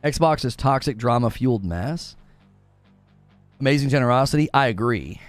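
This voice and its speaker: Animated, argumentative gaming streamer man. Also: medium pitch, moderate pace, dry recording, soft background music. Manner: heated, argumentative, rising to excited shouts. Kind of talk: live stream commentary.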